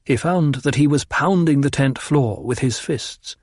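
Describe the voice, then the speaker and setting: Calm guy reading a novel aloud, medium voice, dead dry studio sound. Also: mid-range voice, measured pace, no echo. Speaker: audiobook narrator. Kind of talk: scripted narration.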